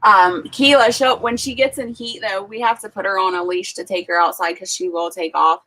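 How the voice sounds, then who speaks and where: A woman's voice: mid-range voice, fairly even intonation, moderate pace, sharp tone. A woman hosting a casual livestream from a rural farm home, telling chatty stories full of "like" and asides. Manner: chatty storyteller, lots of "like". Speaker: livestream host. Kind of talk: casual chat.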